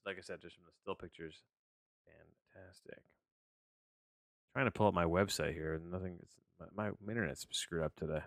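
A man hosts a casual movie review podcast, rambling along with plenty of fillers and restarts. His voice is fairly low and smooth and resonant. The recording is dry, with little room sound. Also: a bit bright, dry recording. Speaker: podcast host.

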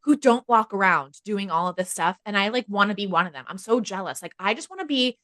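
An American woman co-hosts a casual podcast with a bright, lively voice that swings up and down. She is blunt, swears freely, and acts out her inner monologue as she talks. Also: medium pitch, fast talker. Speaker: podcast co-host.

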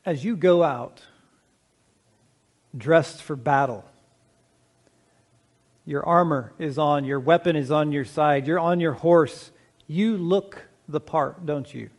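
In a slightly high voice, a middle-aged pastor talks through his sermon in a measured, conversational way. He questions the congregation and slows his delivery to stress the key points.

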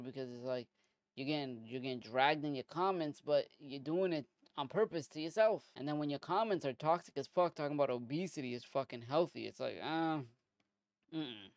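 A man's voice: fairly high pitch, moderate pace, no echo. A man from the US hosting a podcast, ranting casually with heavy profanity and lots of filler words. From United States. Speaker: podcast host. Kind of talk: casual commentary monologue.

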